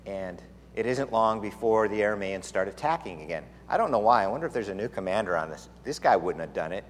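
Animated man preaching in a reverberant hall. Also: medium pitch. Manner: animated, conversational, playful asides. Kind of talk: sermon storytelling.

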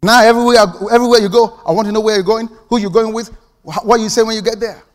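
A man's voice: sits high, steady tone, fast, long reverb tail. A man preaching a sermon as pastor, emphatic and calling for amens from the congregation. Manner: emphatic preaching with call-and-response.

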